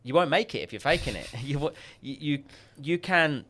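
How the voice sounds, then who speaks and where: An Australian man as a podcast guest, telling stories and acting out quoted dialogue with lively jumps in pitch. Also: moderate pace. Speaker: guest, sales coach. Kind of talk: podcast interview storytelling.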